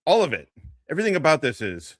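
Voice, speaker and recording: A man's voice: a little high, huge pitch swings, fast, no echo. A man hosting casual commentary on a streamer, profane and mocking, often laughing.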